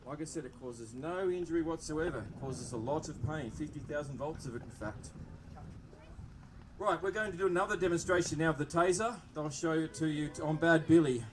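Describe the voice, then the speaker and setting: A slightly high, brisk male voice with an Australian accent carries over a loudspeaker microphone, with a little hiss or hum. He is a police presenter at an outdoor public open day, giving a demonstration to the live crowd and joking cheerfully with the children.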